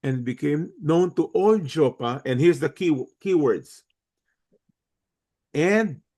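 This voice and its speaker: A man with a Filipino accent teaching a Bible passage in a relaxed, conversational way, mixing in Tagalog phrases and correcting himself as he goes. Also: fairly high pitch. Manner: switches between English and Tagalog, with fillers and self-corrections.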